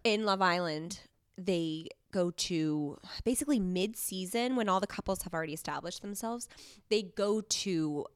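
A woman's voice: fairly low pitch, moderate pace, clean tone, dry recording. A young woman co-hosting a podcast in casual chat, giggly and gushing. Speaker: podcast co-host.

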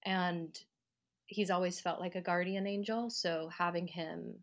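A woman's voice: lowish voice, a little slow. A woman, an actor and writer, telling a personal story at home in an interview, acting out the voices of people she quotes. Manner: reflective, acts out quoted voices with lively rises. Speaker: podcast guest, actor and writer. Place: at home, living room.

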